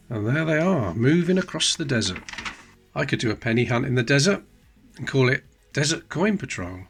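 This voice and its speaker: A man with a middling voice talks casually through an old magazine, chatty and full of wry asides. Faint music plays softly behind him. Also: medium pitch, very animated, normal speed, gravelly, slightly rough. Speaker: coin-collecting channel host. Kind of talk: casual show-and-tell commentary.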